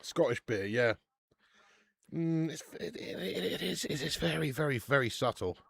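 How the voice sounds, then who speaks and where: A man hosting a casual live football watch-along stream, chatty and excitable, often laughing and loudly greeting viewers. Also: fairly high pitch, moderate pace, vocal fry, slightly rough, no echo.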